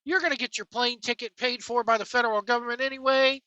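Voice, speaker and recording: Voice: mid-range voice, fairly even intonation, quick pace, bright, forceful tone, no room sound, dull audio. A wrestling vlogger delivering a sarcastic, profane rant to viewers. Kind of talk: ranting commentary to camera.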